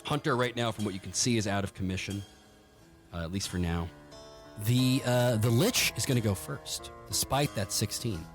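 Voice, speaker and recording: A man's voice: on the low side, normal speed, soft background music. A man narrating as game master in a tabletop game, telling the story in a vivid, profane and jokey way.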